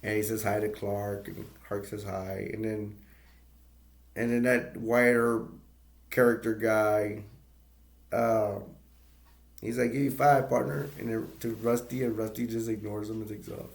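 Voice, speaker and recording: A man's voice: on the low side, little pitch movement, measured pace, long pauses. A man casually retelling a movie's plot as a reviewer, rambling with many fillers, restarts and brief laughs.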